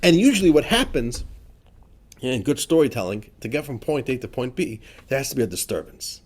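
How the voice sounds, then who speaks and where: A man's voice: mid-range voice, sing-song, fairly quick, darkish tone, breathy edge. A rabbi teaching a class on a religious text, chatty and informal, often asking his listeners rhetorical questions. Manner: chatty and informal, with frequent fillers like "right?" and "you know". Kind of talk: explanatory lesson on a religious text.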